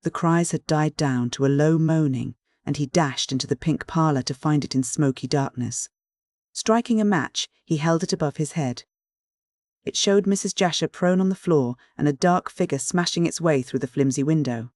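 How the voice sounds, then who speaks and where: An audiobook reader giving a steady, even narration of a classic mystery novel. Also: mid-range voice, moderate pace, no echo, studio quality. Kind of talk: scripted narration.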